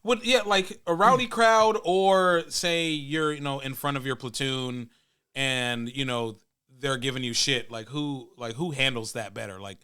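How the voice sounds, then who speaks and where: A man's voice: medium pitch, a little slow, bright, forceful tone, clean tone. A man co-hosting a podcast, asking questions with many fillers and restarts. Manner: hesitant, filler-heavy questions. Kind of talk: casual chat.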